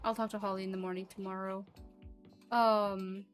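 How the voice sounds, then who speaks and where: A woman streamer casually commenting on a game, with dry, deadpan reactions. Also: mid-range voice, moderate pace, faint music behind.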